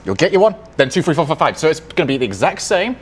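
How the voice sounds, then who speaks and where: Dry-humored esports analyst. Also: male voice, a little high, big pitch swings, fast talker, a little hiss or hum. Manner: dry, self-mocking humor. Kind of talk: casual esports panel banter.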